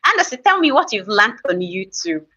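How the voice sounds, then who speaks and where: A woman's voice: medium pitch, big pitch swings, normal speed, sharp tone, husky, far from the mic. A woman with a Nigerian accent hosting a casual live stream, chatting with viewers and teasing them as she reads their comments aloud. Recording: slightly dull lo-fi stream audio.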